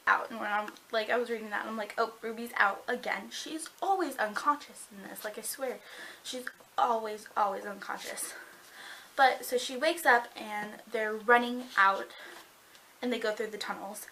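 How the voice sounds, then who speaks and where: A woman's voice: a little high, pushed and bright, a little hiss or hum, low-quality recording. A young woman reviewing a book on camera, gushing and dramatic, rambling with lots of fillers. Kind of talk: excited casual book review.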